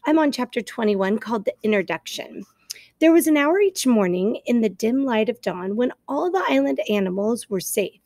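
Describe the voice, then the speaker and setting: A woman teacher reading a children's novel aloud to her class, expressive and clear, stopping to explain. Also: a little high, dry recording, studio quality.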